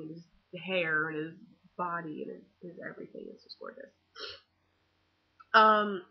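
Gushing teen girl, breathy lo-fi vlog. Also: medium pitch. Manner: gushing, excitable fangirl chatter full of "like" and "oh my god". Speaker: vlogger. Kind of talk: casual movie review vlog.

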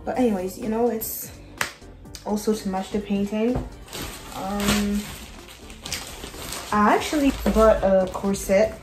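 A woman talks slowly and casually to her viewers, stopping often with fillers as she hunts for words. Her voice rings in an echoey room. Music plays clearly behind her. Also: mid-range voice. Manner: chatty, searches for words, many fillers. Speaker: art vlogger. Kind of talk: casual vlog chat to camera. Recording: roomy echo with background music. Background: music playing.

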